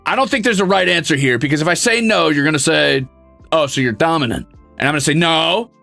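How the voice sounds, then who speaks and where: Male streamer, sarcastic, mock-grumpy, lively voice, a bit high, dry sound. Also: very fast, gravelly, dry recording, soft background music. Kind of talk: casual chat reading donations.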